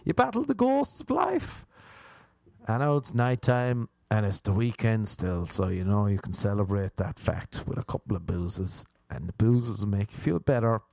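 Gravelly Irish man riffing crudely. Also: on the low side, moderate pace, hardly any pauses, darkish tone, dry recording, clean studio sound. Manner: rambling, self-mocking, jumps into mock voices. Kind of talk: crude comic monologue.

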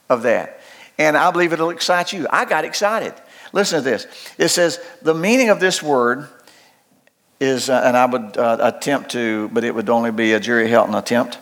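An older man preaching a sermon in a loud, folksy, emphatic way, often restarting his phrases. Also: on the high side. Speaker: pastor.

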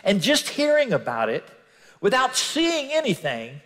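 A male preacher delivering a sermon in a lively voice that rises and falls. He acts out scenes and swings between loud lines and near-whispers, with a long reverb trailing off the walls of a big church hall. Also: sits high, unhurried.

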